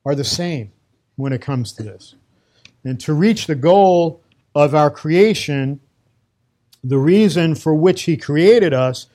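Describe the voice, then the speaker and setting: A man's voice: a little high, darkish tone. A middle-aged man from Brooklyn with a New York accent, giving an emphatic, conversational religious lecture on Torah with Hebrew terms mixed in. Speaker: Torah teacher.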